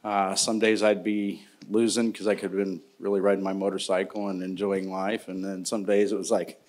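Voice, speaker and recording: A man's voice: deep voice, little pitch movement, normal speed, hardly any pauses, a little mellow. A middle-aged man from Indiana, a longtime paramedic, speaking on a conference panel in a casual, joking storytelling way. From Indiana, United States.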